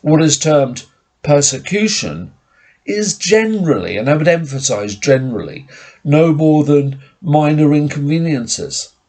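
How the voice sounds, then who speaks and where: A man preaching a formal, measured sermon to his congregation. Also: a little high, animated, darkish tone.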